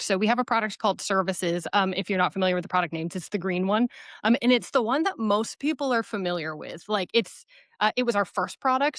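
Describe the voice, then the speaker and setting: A woman guest in a casual interview who explains things in a relaxed, steady way. Her voice sits at a medium pitch, recorded dry and close. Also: dry recording. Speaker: software company guest.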